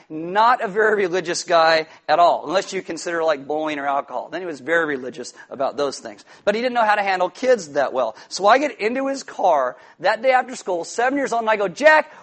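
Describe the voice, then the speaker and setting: A man preaching a sermon, telling a childhood story with lively quoted voices and asides. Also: sits high. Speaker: pastor.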